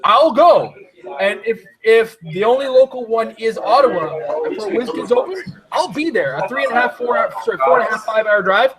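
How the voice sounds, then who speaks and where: A man hosting a casual chat who rambles excitedly and laughs often. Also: very high-pitched, a little fast, over a noisy crowd, low-quality recording. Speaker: podcast host.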